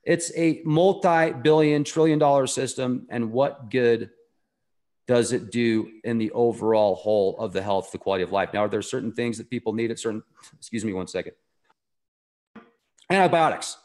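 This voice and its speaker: A man's voice: mid-range voice, moderate pace, a little mellow. A man as an interview guest, telling a story in an earnest, enthusiastic and rambling way. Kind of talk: casual conversational storytelling.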